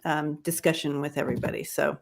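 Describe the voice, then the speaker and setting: A woman's voice: sits low, brisk, creaky. A middle-aged woman hosting a casual livestream chat, talking in a rambling way with many restarts. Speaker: host.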